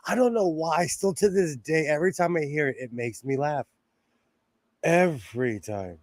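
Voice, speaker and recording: A young adult man hosting a casual sewing livestream from home, talking into a phone set close by. His voice sits somewhat high and sounds dry, with no room around it. He rambles from one aside to the next and laughs often. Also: fairly quick, no echo. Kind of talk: casual live-stream chat.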